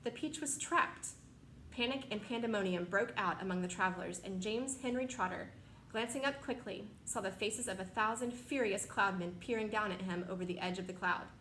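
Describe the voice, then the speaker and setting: A woman narrates a children's novel in a steady, expressive reading voice of middle pitch. The sound is roomy and echoey, with a faint noise floor underneath. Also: a little fast. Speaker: reader.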